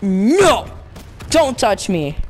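A young woman commenting on her gameplay, frustrated, ranting and yelling at the game. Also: mid-range voice, sing-song, very slow, slight background noise. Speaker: gamer.

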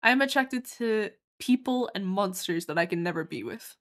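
A woman's voice: medium pitch, expressive, moderate pace, a bit bright. A woman from Australia giving casual, giggly commentary while playing a game on stream and reading its lines aloud.

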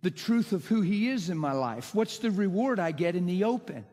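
A man's voice: high-pitched, expressive, normal speed, darkish tone. Impassioned man preaching in a reverberant hall. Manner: impassioned, emphatic preaching with rhetorical questions. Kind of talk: sermon.

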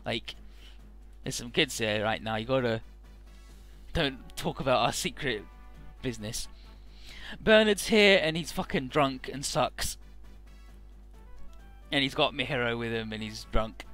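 A man's voice: mid-range voice, expressive, a little slow, long pauses, fairly bright tone, soft background music. A young man casually recapping a video game's story, rambling and irreverent, with many uhs. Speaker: let's play narrator.

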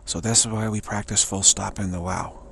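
A man giving a spiritual teaching monologue in a halting, searching way, restarting often, his voice fading toward a whisper. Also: on the low side, steady tone, creaky, fairly bright tone, slight background noise.

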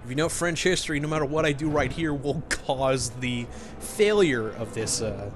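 A man's voice: medium pitch, lively intonation, normal speed. A young man doing let's play commentary, joking, laughing often and making crude asides as he plays. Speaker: gameplay commentator. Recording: background noise.

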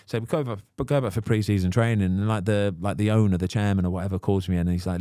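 Guy, middle-aged, talks fast and low, chatty podcast guest doing little voices in his stories. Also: dry recording, clean studio sound. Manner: chatty and animated, acts out quoted voices in anecdotes. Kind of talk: casual chat.

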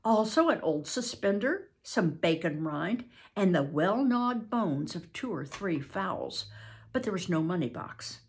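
An older woman, a grandmother, reading a classic novel aloud in a slow, expressive storytelling manner. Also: lowish voice, vocal fry. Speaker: reader.

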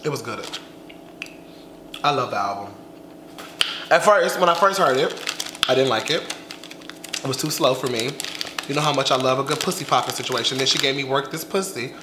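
A young man films a mukbang vlog, chatting sassily while stuffed full after eating, his slangy talk drawn out. His medium-pitched voice sounds roomy, with background noise.

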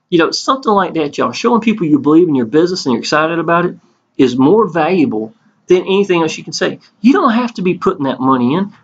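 A man, giving an earnest, folksy sales pitch and calling out to his viewers again and again. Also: fairly bright tone. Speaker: network marketing promoter. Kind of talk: casual sales pitch over a screen tour. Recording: dull lo-fi recording.

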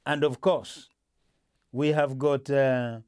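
A man's voice: mid-range voice, fairly even intonation, takes it slowly, a little mellow, clear, resonant tone. A male host in a casual political discussion, talking with many restarts and fillers.

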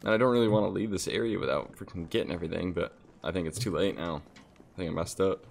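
Young male gamer host, casual play commentary, swears a lot; low voice. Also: fast talker, vocal fry, slight background noise. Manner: swears often, reacts loudly then mutters. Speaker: gaming channel host.

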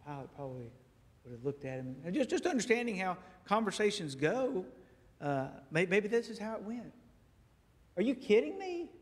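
A man preaching a sermon as a guest speaker, telling stories in a lively way and acting out dialogue in a church. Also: high voice, fairly quick. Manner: animated storytelling, acts out dialogue. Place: church sanctuary. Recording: echoey church hall.

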